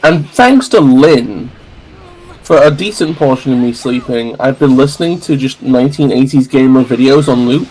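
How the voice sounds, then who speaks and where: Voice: medium pitch, moderate pace, darkish tone, low-quality recording. A streamer rambling through a story in casual chat while gaming, with many restarts.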